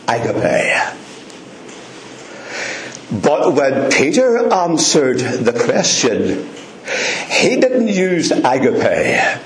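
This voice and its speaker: Slow, fervent preacher in an echoing hall. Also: male voice, mid-range voice, a little hiss or hum. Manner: speaks directly to congregation members by name; fervent, repetitive emphasis. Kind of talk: sermon. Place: church hall before a congregation. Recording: roomy hall echo.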